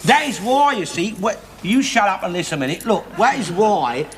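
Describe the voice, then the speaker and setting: A man's voice: sits high, very animated, fairly quick, slight background noise. An actor playing a bigoted, blustering middle-aged working man with a London accent, in a 1970s studio sitcom with audience laughter. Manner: loud, blustering, swears constantly, argues stubbornly.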